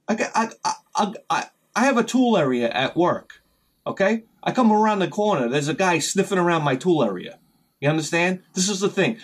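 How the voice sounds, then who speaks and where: High and breathy, this man's voice belongs to a retro game channel host vlogging casually. He wanders through a story, playing both parties in conversations with abrupt, animated bursts.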